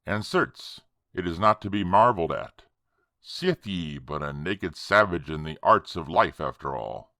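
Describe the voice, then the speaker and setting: A man's voice: low-pitched, big pitch swings, measured pace, pushed and bright, no echo, clean studio sound, full character voice. A man voicing an ancient, arrogant sorcerer who speaks in archaic, scornful words.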